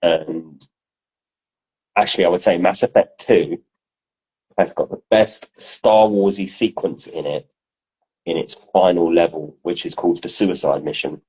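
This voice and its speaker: A man co-hosting a podcast, telling stories in a casual, animated way and swearing freely. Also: deep voice, measured pace, pauses often, slightly rough, poor audio. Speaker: podcast co-host. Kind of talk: casual chat.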